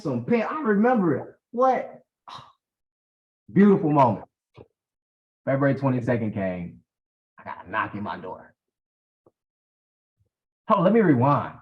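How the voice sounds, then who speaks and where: A man, telling a personal story as a guest, emphatic and acting out the dialogue. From South Carolina. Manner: animated, emphatic, acts out dialogue with big pitch swings. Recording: dull lo-fi audio.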